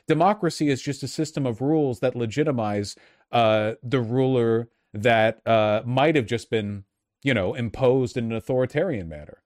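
A young man talks politics on a livestream, arguing hard, restarting his sentences and jumping up in pitch when he pushes a point. His voice sits at a middling pitch. The sound is dry and close, with no room around it. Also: dry recording. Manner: argumentative, restarts a lot, animated rises in pitch. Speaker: streamer.

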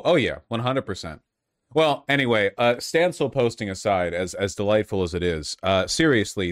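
A man giving casual, sarcastic commentary, rambling with many fillers and restarts. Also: lowish voice. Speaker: online commentator.

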